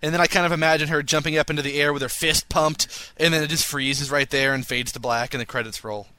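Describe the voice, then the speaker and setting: A man's voice: on the high side, fairly even intonation, quick pace, sharp tone, smooth, no room sound. A man co-hosting a casual podcast, reading listener mail with jokey asides and frequent laughter. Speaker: podcast co-host.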